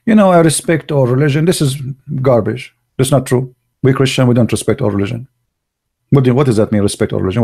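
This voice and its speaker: A man delivers a blunt online monologue. His voice is gravelly and dark, with a mellow tone. He speaks in broken, English and presses his points with rhetorical questions. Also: mid-range voice. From Arab world. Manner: broken, non-native grammar. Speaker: online show host. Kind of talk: opinionated livestream monologue.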